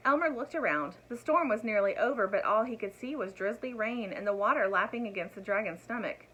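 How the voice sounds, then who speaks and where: A woman reading a picture book aloud to children in an expressive voice, turning to her young listeners with asides. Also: mid-range voice, brisk, few pauses, rough recording. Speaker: storyteller.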